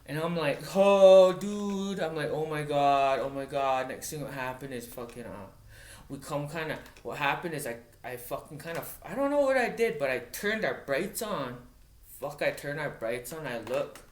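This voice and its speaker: A man, a wildland firefighter from Montana, telling a story in a casual, profane way, halting and restarting often. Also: on the high side, big pitch swings, fairly bright tone. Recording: roomy echoey recording.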